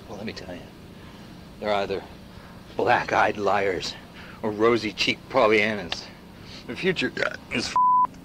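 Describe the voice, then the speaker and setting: Ranting paranoid pundit. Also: male voice, medium pitch, noisy background. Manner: ranting, swinging from hushed whispers to shouts. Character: paranoid male pundit ranting against machines. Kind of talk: video game dialogue.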